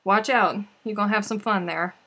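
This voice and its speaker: Talking fairly quickly in a bright, forceful, medium-pitched voice, a woman chats with viewers on her crochet live stream. She moves from tears to laughter, and her rambling talk is full of restarts and asides, with the sound of a casual livestream on a desk mic.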